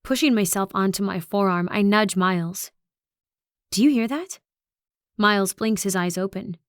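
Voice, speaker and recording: A woman reading a first-person horror audiobook in a tense, expressive storytelling manner. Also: mid-range voice, no room sound, studio quality. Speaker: audiobook narrator.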